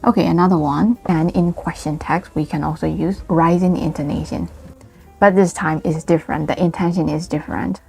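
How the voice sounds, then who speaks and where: A woman whose first language is Burmese teaching English intonation in an online lesson, explaining slowly and carefully and acting out example sentences. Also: low-pitched, fairly even intonation, creaky, mellow, husky, faint music behind.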